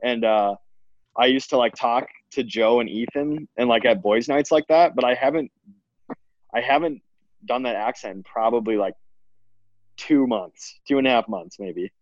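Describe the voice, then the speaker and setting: A teenage student chatting casually with friends on a call, rambling with many restarts. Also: male voice, mid-range voice, animated, normal speed, vocal fry, dull audio.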